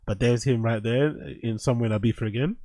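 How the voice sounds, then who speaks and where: A man's voice: medium pitch, fast talker, dry recording, faint music behind. A man hosting his show, reacting to online clips in casual commentary, blunt and full of swearing. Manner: blunt, heavy swearing, animated mocking. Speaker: show host.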